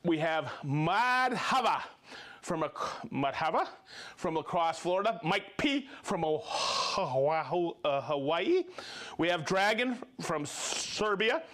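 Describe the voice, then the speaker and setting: Man, live stream host, cheerful shout-outs, jokey, animated pitch. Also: slow. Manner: upbeat, reads viewer names and places, jokes and laughs. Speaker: livestream host.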